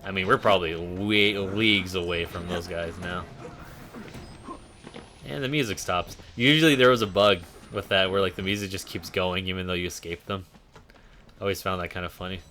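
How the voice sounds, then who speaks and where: A man's voice: low-pitched, steady tone, normal speed, pauses often, bright, forceful tone, faint music behind. A man streaming a horror game, talking casually and making sarcastic jokes as he plays. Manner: joking, sarcastic asides. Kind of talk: casual gameplay commentary.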